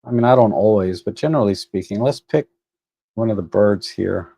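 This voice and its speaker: A man talks his way through a photo edit on a live stream in a mellow, darker tone. He is casual and unhurried, and he thinks aloud with fillers and restarts. The desk microphone sounds close and dry. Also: lowish voice, gravelly, husky, no room sound. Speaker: photo editing livestream host.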